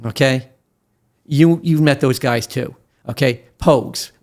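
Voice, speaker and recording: A man in his sixties from Brooklyn, an attorney telling stories as an interview guest, animated, with many fillers and restarts. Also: medium pitch, measured pace. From Brooklyn, USA. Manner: animated storyteller with many fillers and restarts who acts out quotes. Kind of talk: interview storytelling.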